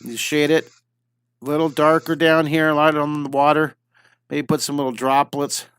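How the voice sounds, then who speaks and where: A man's voice: fairly high pitch, flat delivery, normal speed, a bit bright, clear, resonant tone, no room sound. Middle-aged male art teacher, live stream, enthusiastic step-by-step patter, clean resonant voice. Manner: chatty and enthusiastic, narrating each step as he draws. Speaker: drawing teacher. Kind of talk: live-streamed drawing lesson.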